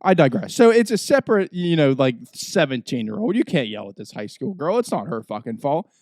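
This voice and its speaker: A young man, a podcast host, telling a profane, ranting story in casual chat, swinging between low mutters and loud outbursts. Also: sing-song, brisk, dry recording.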